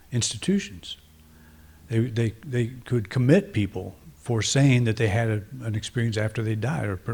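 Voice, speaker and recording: A man's voice: lowish voice, creaky, a little mellow. A man, a minister, preaching a conversational, reflective sermon with frequent restarts and fillers.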